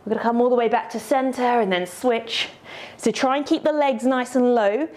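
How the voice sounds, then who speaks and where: A woman's voice: a little high, normal speed, darkish tone. A woman teaching a yoga class, cueing poses step by step in an encouraging way and slightly out of breath.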